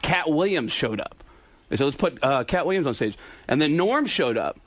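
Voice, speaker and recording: A man telling stories on a talk show, animated and dropping into impressions of other people as he goes. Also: a little high, normal speed, no echo. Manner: animated, slips into impressions of others mid-story. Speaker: impressionist guest. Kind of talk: casual storytelling on a radio talk show.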